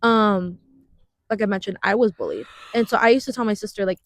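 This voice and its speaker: A woman in her twenties co-hosting a podcast in casual chat, talking fast with many fillers and frequent laughs. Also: medium pitch, very animated, dry recording. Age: 20s. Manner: chatty, laughs often, uses many fillers. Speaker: podcast co-host.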